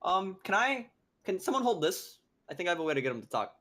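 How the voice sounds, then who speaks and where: A man's voice: high-pitched, sing-song, fast, bright, forceful tone. A man playing a tabletop game, chatting casually in a joking, stammering way. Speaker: player.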